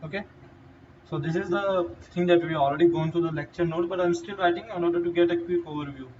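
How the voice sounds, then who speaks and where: A man with an Indian English accent giving a halting whiteboard lecture, with fillers and restarts. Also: a little high, steady tone, darkish tone. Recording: distant, dull lo-fi mic with faint noise.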